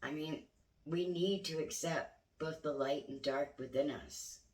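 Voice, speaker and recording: A woman's voice: low-pitched, measured pace, darkish tone, recorded from a distance. An older woman, a grandmother, speaking candidly and earnestly in a reflective spiritual vlog. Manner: candid, earnest, occasionally swears. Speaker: spiritual vlogger. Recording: roomy sound, voice away from mic.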